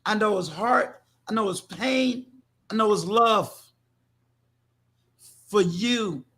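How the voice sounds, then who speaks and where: A man's voice: high-pitched, takes it slowly, pushed and bright. An older man from New York hosting a livestream, talking to his viewers in an emphatic, preachy way and often repeating words. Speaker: livestream host. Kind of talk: casual livestream talk.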